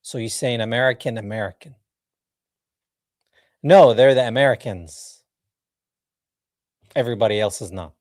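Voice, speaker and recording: A man's voice: mid-range voice, moderate pace, pauses often, a little mellow, no room sound, studio quality. A man hosting a live podcast, reacting to clips with mocking, sarcastic commentary and laughter. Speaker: podcast host.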